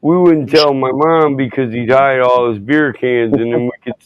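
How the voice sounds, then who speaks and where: A man chatting casually on a podcast, telling rowdy stories, swearing often and acting out quoted people loudly. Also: medium pitch, fairly even intonation, normal speed, dull audio. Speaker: podcast host. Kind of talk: casual chat, storytelling.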